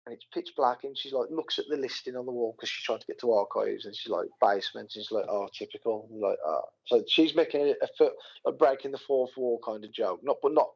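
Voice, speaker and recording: A man's voice: medium pitch, quick pace, gravelly, few pauses, husky, dull audio. A man co-hosting a casual podcast, telling a story in a rambling way with lots of fillers and restarts. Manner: rambling, animated retelling with many fillers and restarts. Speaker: podcast co-host. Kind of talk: casual chat.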